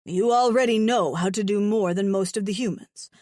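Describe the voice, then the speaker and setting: Woman doing a gruff shy alien hunter dude, formal and terse, dry close audiobook sound. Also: medium pitch, normal speed, darkish tone, no room sound, close to an everyday voice. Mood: earnest. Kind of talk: audiobook character voice.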